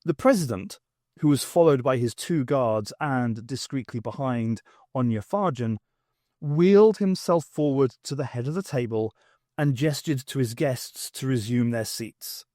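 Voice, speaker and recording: Slow, measured male audiobook reader. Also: mid-range voice, mellow, no echo, studio quality. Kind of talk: unabridged novel reading.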